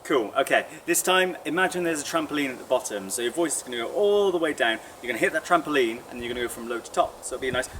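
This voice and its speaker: A young man leading a guided vocal warm-up, chatty and encouraging. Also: medium pitch, animated, quick pace, few pauses. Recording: distant mic with audible noise.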